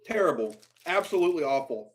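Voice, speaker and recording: A man reacts live to a football draft, ranting in exasperation at a fast, sing-song pace. He lurches between low muttering and sudden outbursts.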